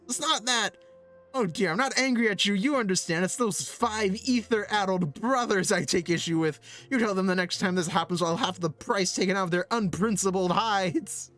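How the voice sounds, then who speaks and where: A man's voice: high-pitched, normal speed, fairly bright tone, faint music behind. A man reading out a video game's dialogue aloud, voicing a blustering, greedy male merchant who talks in a folksy way with "ye" and "lad". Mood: placating. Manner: indignant, folksy "ye" and "lad" put on.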